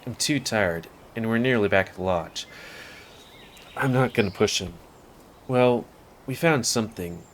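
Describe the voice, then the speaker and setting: A man's voice: fairly low pitch, unhurried, long pauses, slight background noise. A man casually reading a visual novel aloud in first person, with offhand asides. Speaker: game streamer.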